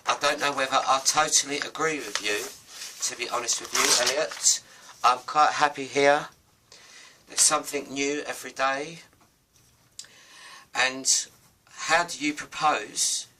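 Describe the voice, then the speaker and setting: A man voicing a mild, forgetful male goldfish in a homemade storybook, speaking higher than his own voice. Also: a little slow, pauses often, far from the mic, noisy background, close to an everyday voice. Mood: puzzled.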